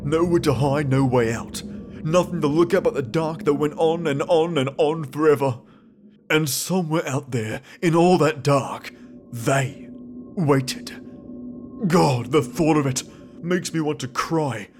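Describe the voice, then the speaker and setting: A man narrating a first-person horror story in a tense, frightened way, with sudden shouted cries. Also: a little high, a little slow, faint music behind.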